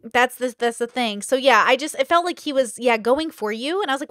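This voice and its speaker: A woman's voice: high voice, animated, dry recording, studio quality. A woman hosting a podcast conversation, talking casually and thanking her guest effusively. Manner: quick, warm-hearted, effusive thanks. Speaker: podcast host.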